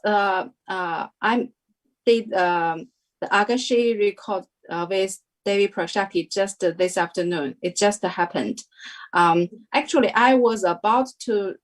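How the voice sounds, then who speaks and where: A young woman telling her story as a guest, slowly and hesitantly, in careful non-native English with many pauses and fillers. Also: mid-range voice. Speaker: guest sharing a testimony. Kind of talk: casual spoken testimony.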